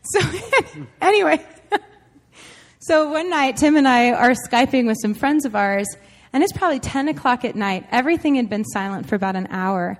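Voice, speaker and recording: A woman's voice: high-pitched, expressive, moderate pace. A woman telling a church audience a story about her daughter, laughing often and speaking with emotion. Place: large church hall. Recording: echoey hall with long reverb.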